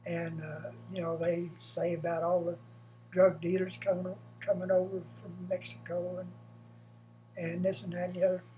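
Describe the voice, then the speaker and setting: A man, short of breath, giving a blunt, halting opinion monologue for his vlog from home. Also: high voice, monotone, dark tone, slight background noise, rough recording. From United States. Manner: halting, blunt, with frequent pauses and restarts. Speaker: vlogger.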